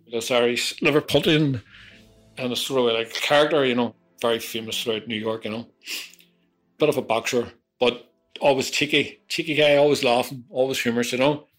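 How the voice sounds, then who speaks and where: A man recounting his past in a rambling, profane confessional storytelling style. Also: mid-range voice. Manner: rambling, profane, peppered with "you know". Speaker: interviewee.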